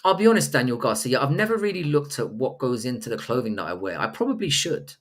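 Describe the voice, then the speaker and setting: A man's voice: medium pitch, sing-song, fast talker. Man bantering crudely with his stream chat. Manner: reads viewer messages aloud, then answers. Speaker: livestream host reading chat. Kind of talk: casual live-stream chat.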